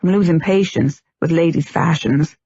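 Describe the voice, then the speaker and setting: A woman putting on a gruff, low-muttering grown man, impatient and ardent, for an audiobook. The voice sits lower than her own and comes across a little husky. The recording is dull and lo-fi in a dry room. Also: normal speed, mellow, dry recording.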